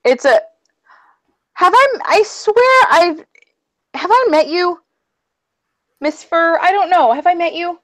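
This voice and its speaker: High-pitched woman cohost rambling, gets all fangirly and excited, casual chat. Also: slow, pauses often, low-quality recording. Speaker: podcast co-host.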